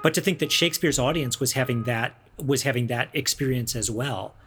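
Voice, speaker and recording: A man's voice: mid-range voice, brisk, a bit bright. A man co-hosting a podcast, explaining ideas patiently in a teacherly, conversational way. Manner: teacherly, breaks verse rhythm down step by step. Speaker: podcast co-host.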